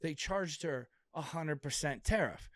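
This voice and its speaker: A man's voice: on the high side, unhurried, no room sound. A man talking as a guest in casual podcast chat, blunt and profane as he rants.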